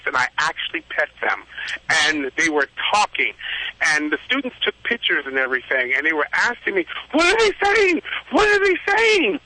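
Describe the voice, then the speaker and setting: A man, a reverend and animal communicator, telling animated stories as a radio guest over a phone line. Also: on the high side, dry recording. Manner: animated storyteller, laughs often.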